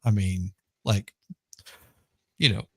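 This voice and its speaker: Low gravelly dude rambling on a live stream, lots of restarts, dry close sound. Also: male voice, steady tone, slow, sharp tone, dry recording. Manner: rambling, searches for names, many restarts. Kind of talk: casual chat.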